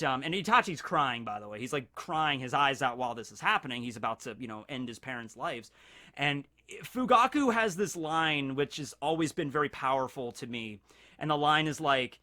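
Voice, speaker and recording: A man hosting a casual anime discussion, excitable and rambling with many fillers. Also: medium pitch, moderate pace. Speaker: anime channel host.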